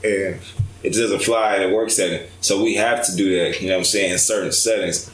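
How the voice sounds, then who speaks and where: Blunt low-voiced man, roomy echo. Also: steady tone, a little fast, a bit bright. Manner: blunt, emphatic, swears freely. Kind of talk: casual podcast chat.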